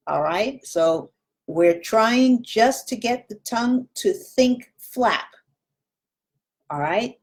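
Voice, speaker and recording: A woman's voice: mid-range voice, animated, takes it slowly. A woman Spanish teacher giving a recorded lesson, patiently repeating practice words and demonstrating sounds.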